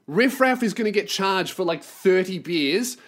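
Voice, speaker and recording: A man with a slightly higher voice, telling a story on his podcast. He rants in a profane, sarcastic way. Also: animated, unhurried, a bit bright. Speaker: podcast host and touring performer. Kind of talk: storytelling rant.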